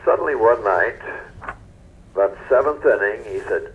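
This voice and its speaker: An older man with a very low, deep voice recalls his broadcasting days in a folksy, unhurried way, often trailing off softly. The sound is dull and lo-fi, like an old radio recording. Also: lively intonation. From North Carolina, US. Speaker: interview guest, retired newscaster. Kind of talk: relaxed storytelling interview.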